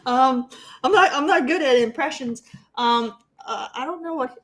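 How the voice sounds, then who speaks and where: A woman's voice: high voice, moderate pace. A woman co-hosting a casual gaming podcast, hesitant and laughing, teasing the others. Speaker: podcast co-host.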